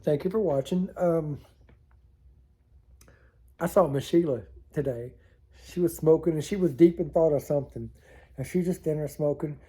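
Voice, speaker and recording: A man's voice: fairly high pitch, normal speed, pauses often, mellow, breathy edge. A man rambling through funny stories to camera in a casual vlog, laughing at himself. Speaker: storytelling vlogger. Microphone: camera mic on a tilting setup.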